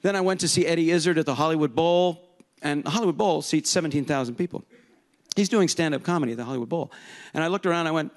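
A man, a voice impressionist, giving a rambling, self-deprecating conference talk on stage before a live audience. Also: fairly high pitch. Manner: rambling, self-deprecating, slips in quick voice demos.

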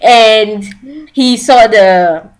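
Young woman, English not her first language, a bit high, chatty and giggly, gushing casual review. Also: extremely slow. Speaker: drama reviewer. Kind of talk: casual chat.

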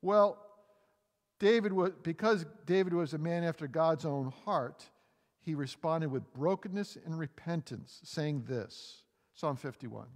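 A male pastor with a New England accent delivers a sermon in a slightly high voice, ringing out through a church sanctuary with a long reverb tail. He preaches with energy, swinging between emphatic lines and softer scripture reading, and acts out the quotes. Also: a little slow.

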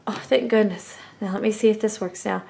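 A woman's voice: mid-range voice, steady tone, fairly quick, vocal fry, warm tone, pitched below the performer's own voice, natural voice. A woman voicing a worried little toy rider who pleads anxiously for help during toy play.

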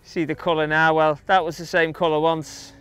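Chatty English man, smooth voice. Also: fairly high pitch, flat delivery, normal speed, a bit bright, faint music behind. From England. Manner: chatty, anecdotal, many fillers. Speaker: interviewee, long-distance runner. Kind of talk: casual storytelling interview.

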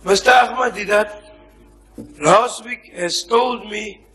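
High-voiced eager man in the audience. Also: a bit bright, slightly rough, poor audio. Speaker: audience questioner.

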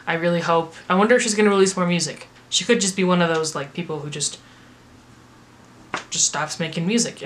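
Brief: American woman, slightly low voice, rambling casual music-review vlogger. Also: fairly bright tone. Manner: rambling, filler-heavy chatter. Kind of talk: casual vlog commentary.

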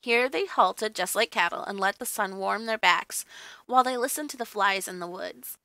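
A woman reading a classic children's story aloud, in a gently expressive storytelling manner. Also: mid-range voice, normal speed, no echo. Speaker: reader. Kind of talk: audiobook narration.

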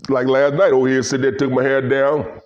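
A man's voice: mid-range voice, brisk, muffled recording. An older man from Louisiana, rambling in casual, folksy commentary to his viewers and breaking into laughter. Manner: folksy, laughing, animated storytelling. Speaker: vlogger.

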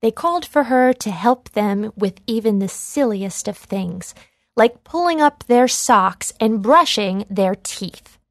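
A woman reading a children's read-along storybook aloud in a slow, clear, deliberate way. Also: medium pitch, lively intonation, no echo, studio quality. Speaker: storybook reader.

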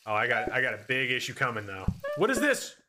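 A man's voice: mid-range voice, very animated, quick pace. A man streaming a cooking game solo, giving playful running commentary to his chat and talking himself through the chaos. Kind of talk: live gameplay commentary to chat.

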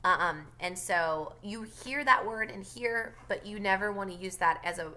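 Woman teacher reading aloud with a bright voice. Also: mid-range voice, unhurried, hardly any pauses. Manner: plain reading with brief explanatory asides. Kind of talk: reading a novel aloud for a class.

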